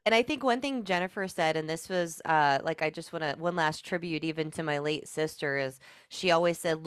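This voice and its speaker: A woman's voice: deep voice, brisk, hardly any pauses, clean tone, no echo, clean studio sound. A woman guest on a podcast sharing personal stories in an earnest, heartfelt way, with many "like" fillers. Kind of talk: emotional personal storytelling.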